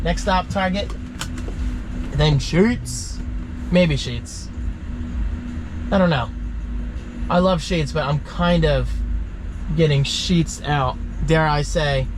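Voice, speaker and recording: A man's voice: on the high side, noisy background. A man talking casually to camera as a vlogger, rambling and joking about his day. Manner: rambling, chatty, self-joking. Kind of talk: casual vlog chat.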